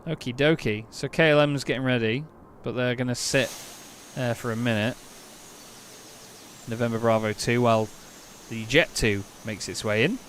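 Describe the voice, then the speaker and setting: A man's voice: mid-range voice, fairly even intonation, normal speed, a bit bright, slight background noise. Chatty English man on a live stream. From England. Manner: chatty, thinks aloud, crisp clipped radio phrasing. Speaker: streamer playing an air traffic control game. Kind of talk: casual live-stream chat mixed with radio calls.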